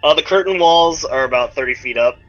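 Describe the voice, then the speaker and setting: A man's voice: on the high side, fairly quick. A man narrating as game master for a tabletop game, rambling with many fillers. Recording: dull lo-fi recording, faint music.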